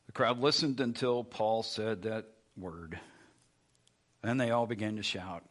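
Husky-voiced man preaching conversationally. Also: sits low, measured pace, fairly bright tone. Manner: conversational, with frequent restarts and asides. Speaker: pastor. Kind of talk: sermon.

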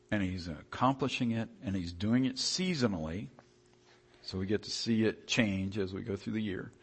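A man preaching a sermon in a conversational, animated way, often restarting his sentences. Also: lowish voice, husky.

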